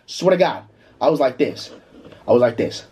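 Animated young man with a husky voice. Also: medium pitch, moderate pace. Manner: animated, slangy storytelling with bursts of laughter. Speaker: vlogger. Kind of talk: casual storytime.

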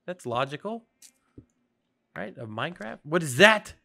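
A gaming video host giving excitable play-by-play commentary, chatting to the game's creatures and swinging between whispers and shouts. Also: medium pitch, unhurried, gravelly. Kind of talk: gameplay commentary.

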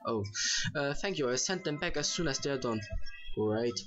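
A man's voice: medium pitch, lively intonation, normal speed, a bit bright. A man casually commentating a game he plays, reading its characters aloud in shifting voices with offhand jokes. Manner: jokey, offhand. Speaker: gaming YouTuber. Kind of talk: casual let's play commentary. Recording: dull lo-fi mic with faint game music.

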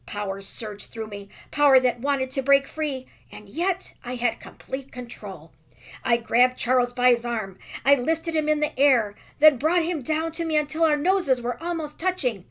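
A woman teacher reading a children's novel aloud with expressive, dramatic emphasis. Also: high voice, measured pace.

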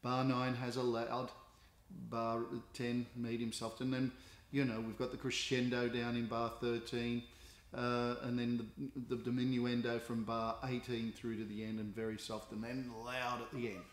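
Casting: middle-aged Australian guitar teacher, patient, explaining step by step, mid-pitched voice, echoey room. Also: male voice, monotone, moderate pace. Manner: patient, explanatory, with frequent fillers and restarts. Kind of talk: instructional explanation. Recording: roomy echo with guitar nearby.

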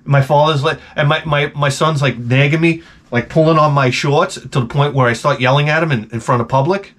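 A man's voice: a little high, fairly quick, fairly bright tone. A middle-aged man from Long Island, telling stories in a profane, sarcastic, rambling vlog monologue. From Long Island, New York. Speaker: vlogger.

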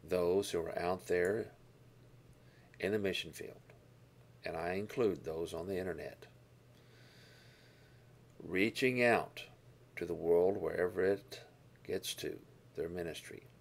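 A man teaching a Bible lesson, explaining verses and Greek words with deliberate emphasis on key words. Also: low-pitched, steady tone, vocal fry, darkish tone.

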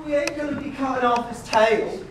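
A man plays a brash, bullying young boy in a very high voice, goading and daring the other children. He sounds far away on a very echoey stage. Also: fairly even intonation, a little fast, noisy background.

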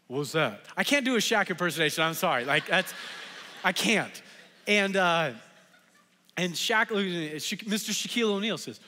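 A young man preaches in a church, and his tone is high and lively. He tells a story casually and uses many fillers. His voice carries long reverb from a large hall. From Southern California. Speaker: pastor. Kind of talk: storytelling sermon. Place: church sanctuary.

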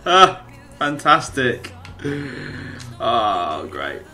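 Man, gaming host, slow unhurried delivery, faint music behind. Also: medium pitch, wildly swooping pitch, pushed and bright. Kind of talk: casual gaming commentary.

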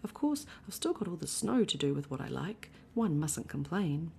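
A woman voicing a gloomy, melancholy male donkey in a soft, whispery voice, as whispered role-play. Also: low-pitched, very animated, moderate pace, gravelly, a little hiss or hum, heavily acted.

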